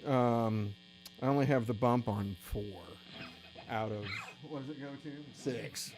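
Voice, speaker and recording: A man's voice: mid-range voice, a little slow, music in the background. A tired, middle-aged man hosting a casual gear-shop livestream, chatty and rambling with self-deprecating asides.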